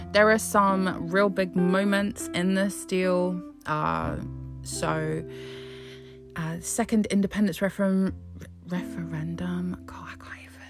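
A woman from Scotland chatting casually about politics, sarcastic and sweary, swinging between mock excitement and scorn. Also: medium pitch. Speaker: vlogger commenting on politics. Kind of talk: casual chat.

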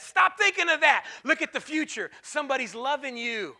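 Male pastor, sermon in church, very high pitch, hushed-to-shouting swings, repetitive call-and-response. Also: lively intonation, moderate pace, few pauses.

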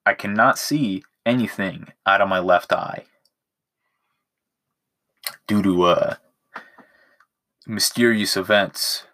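Sharp in tone and fairly low, a young man's slow voice, broken by long pauses, carries his solo podcast, recorded on a phone from his room at home. The casual monologue is crude and rambling, packed with swearing and jokes at his own expense.

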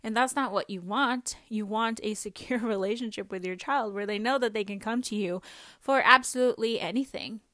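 A young woman hosts a podcast, speaking in a candid, rambling way with small laughs scattered through her talk. Her voice sits at a middling pitch. The sound is dry, with little room echo. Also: moderate pace, bright, forceful tone. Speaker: podcast host. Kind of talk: personal reflective monologue.

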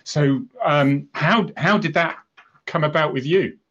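A man's voice: on the high side, unhurried, a bit bright. A male host with a slightly raised voice, heard through muffled, lo-fi audio. He chats in a jokey, easygoing way and often leaves his sentences half-finished. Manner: chatty, jokey interviewer who trails off mid-sentence. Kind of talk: casual interview chat.

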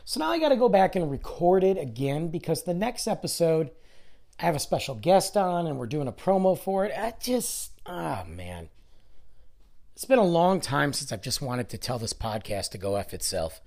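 A podcast host, congested from being ill, delivers a rambling, grumbling, self-deprecating solo monologue in a nasal voice. It's fairly high, sing-song, creaky and slightly mellow, at normal speed.

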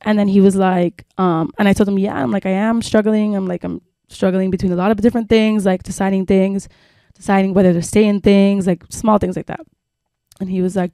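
A woman's voice: mid-range voice, steady tone, a little fast, mellow, no room sound. A woman co-hosting a chatty podcast, spinning a long personal story full of "like" and casual swearing. Her voice sits in a middle register. The recording is dry and close, with no room sound. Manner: rambling storytelling with many fillers and swearing. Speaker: podcast co-host. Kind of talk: casual chat.

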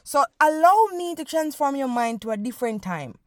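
A woman's voice: high voice, moderate pace, no echo, studio quality. Playful Jamaican woman hosting a podcast. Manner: animated, playful, guided-imagery storytelling with Jamaican slang. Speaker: podcast host. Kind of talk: casual solo podcast monologue.

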